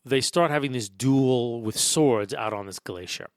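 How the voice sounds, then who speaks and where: A man at an ordinary middle pitch hosts a podcast, recounting a film scene by scene with open enthusiasm and plenty of fillers. His voice sits close and dry on the mic, with no room sound at all. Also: a little slow, clean tone, no room sound. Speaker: podcast host. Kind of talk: casual film review monologue.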